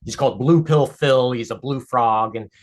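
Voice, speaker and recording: A guest cartoon creator talking at home in a casual podcast conversation, telling stories in an animated, emphatic way. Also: mid-range voice, normal speed.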